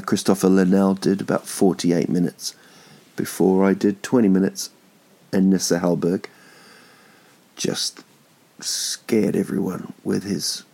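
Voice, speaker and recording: A man in his thirties talks at an unhurried, drawn-out pace, his fairly low voice breaking into a gravelly fry. He hosts a podcast from home in a loose, jokey monologue, swearing now and then and restarting his sentences. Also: warm tone. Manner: rambling, jokey, swearing, many ums and restarts. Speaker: podcast host. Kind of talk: casual comedic monologue.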